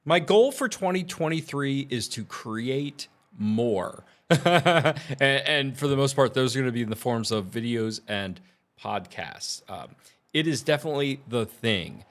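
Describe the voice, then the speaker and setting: Man, tech vlogger, casual rambling chat, animated, bright tone. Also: medium pitch, unhurried. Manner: rambling, lots of fillers, laughs easily.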